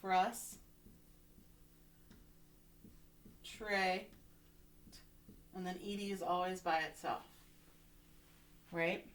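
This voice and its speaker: A woman's voice: on the low side, steady tone, measured pace. A woman teacher giving a phonics lesson to young children from home, encouraging and often checking in with "right?".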